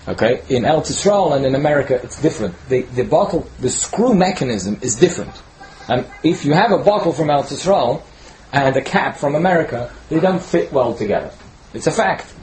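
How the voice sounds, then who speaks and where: A man's voice: mid-range voice, a little mellow, a little hiss or hum, poor audio. Conversational man preaching, asking "right?". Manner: conversational, peppered with "right?" tag questions; repeats and restarts words while searching. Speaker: teacher giving a Torah talk. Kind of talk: informal sermon.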